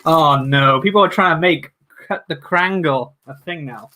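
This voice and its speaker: A man's voice: on the high side, moderate pace, bright, forceful tone, slight background noise. A man hosting a casual livestream, chatting and joking with viewers as he builds. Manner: jokey, chatty, talks to viewers. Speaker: livestream host.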